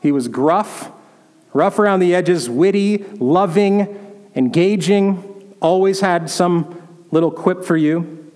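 A man with a high voice preaches a storytelling sermon, now and then slipping into the voices of the people he describes. His words ring out with a long reverb from the church hall around him. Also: takes it slowly, a little mellow. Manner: storytelling, acts out quoted voices. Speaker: pastor.

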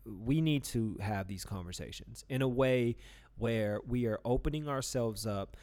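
A man's voice: medium pitch, a little slow, a little mellow. A man in casual podcast talk, rambling with lots of restarts and fillers. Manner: burps mid-talk. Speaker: podcast co-host. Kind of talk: casual chat.

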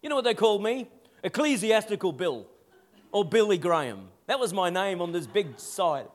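A pastor preaching a sermon, calling out for amens and dropping to a soft, intimate voice at times. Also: male voice, high-pitched, big pitch swings, moderate pace. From Netherlands. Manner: call-and-response preaching, asks for amens.

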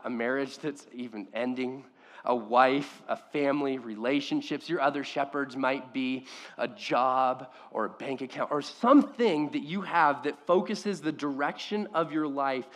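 A man preaching a sermon as pastor, impassioned, swinging between loud emphasis and quiet, hushed lines. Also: medium pitch, big-room sound.

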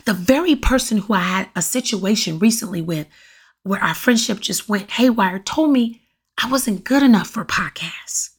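A middle-aged woman hosting her own podcast, talking to listeners in a lively, preachy way and calling out to them often, with a voice that turns raspy at times. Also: mid-range voice, normal speed. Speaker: podcast host. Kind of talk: casual solo podcast monologue. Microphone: USB condenser mic.

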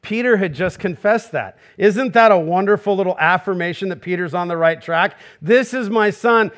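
High-voiced pastor preaching emphatically. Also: male voice, brisk, a bit bright. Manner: emphatic, full of rhetorical questions; acts out quoted voices. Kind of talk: sermon.

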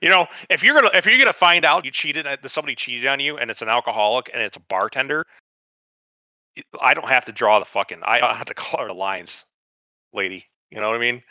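A fast-talking podcast co-host with a medium-pitched voice bluntly retells and mocks scenes from a TV show, swearing constantly in an animated, casual chat. The recording is lo-fi with no echo.

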